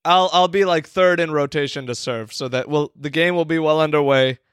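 A man's voice: on the high side, normal speed, clean tone, no room sound, clean studio sound. A man co-hosting a casual podcast, teasing his friends and laughing often. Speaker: podcast co-host. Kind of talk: casual banter.

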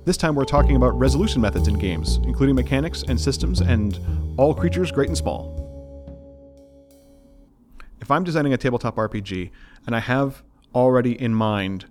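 A man co-hosting a game design podcast, posing a question in a measured, thoughtful way and listing terms as he searches for the right word. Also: medium pitch, expressive, over music. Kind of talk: casual design discussion.

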